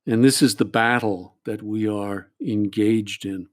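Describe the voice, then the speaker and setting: A male priest and counselor, speaking in a lowish, steady, unhurried voice, explains a group therapy exercise. He's earnest, often restarts his phrases, and keeps checking in with "all right?".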